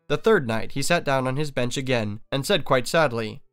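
Male audiobook narrator, steady fairy tale storytelling, resonant and clear, mid pitch. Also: moderate pace, hardly any pauses, faint music behind.

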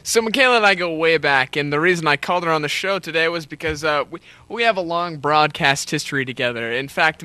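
List: male comedy host, rambling and jokey, high bright voice, dry sound. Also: no echo. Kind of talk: comedic show hosting.

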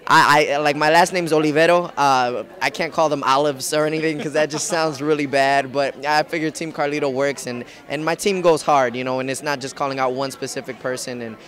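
Man, singing contestant, casual slangy chat, fairly high voice, outdoor interview. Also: steady tone, fairly quick, few pauses, fairly bright tone. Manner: laid-back slangy talk, says "dude" and "like" a lot. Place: outdoors at a studio lot.

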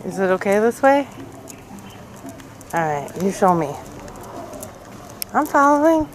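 A woman vlogging outdoors in a cemetery, chatting casually and coaxing the animals she meets in a gentle voice. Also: medium pitch, very animated, slow pace, a little hiss or hum, rough recording. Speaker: travel vlogger. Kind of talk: casual vlog narration.

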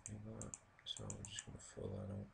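Male gamer, low and gravelly, casual let's-play commentary, rambling and thinking aloud at his computer. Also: big pitch swings, brisk, very noisy. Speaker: gaming video creator.

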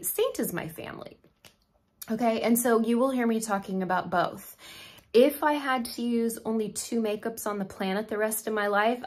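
A middle-aged woman makeup artist chatting effusively to her viewers, asking rhetorical questions as she goes. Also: a little high. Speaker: makeup artist and beauty vlogger. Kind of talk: chatty direct-to-camera talk.

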